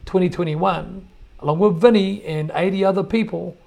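Indignant New podcast man, gravelly. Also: high-pitched, normal speed, dark tone. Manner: indignant, emphatic, repeats himself. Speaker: podcast host. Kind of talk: commentary on played clips.

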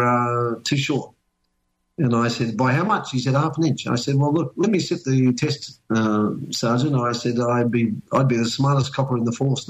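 A man's voice: medium pitch, low-quality recording. Older Australian man telling rambling stories. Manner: rambling anecdotal storytelling with many restarts. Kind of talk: casual chat.

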